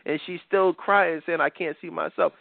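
A man talks as a show host in a loose, opinionated way, stumbling over repeated words as he goes. His voice sits a bit high for a man. The sound is thin and phone-like, with no room echo. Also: fairly even intonation, moderate pace, creaky. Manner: blunt, rambling, repeats words, laughs often. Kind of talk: opinionated casual commentary. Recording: tinny phone-like audio.

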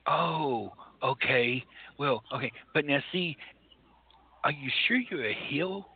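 A man's voice: medium pitch, animated, takes it slowly, breathy edge. A man co-hosting a comedy radio show, stammering and exasperated as he mock-interviews a guest. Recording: tinny phone-like lo-fi recording.

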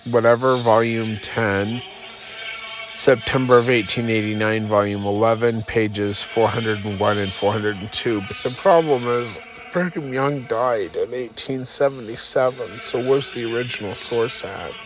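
Sleepy and yawning, a podcast host talks from inside his car in a mid-range voice, and the sound is lo-fi. His casual talk rambles, full of fillers and self-deprecation.

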